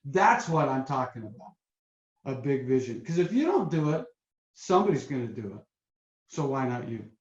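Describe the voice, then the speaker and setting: A man hosting a motivational webinar as a coach, telling stories in a lively, upbeat way over a video call. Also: medium pitch, normal speed. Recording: roomy, dull lo-fi webinar audio.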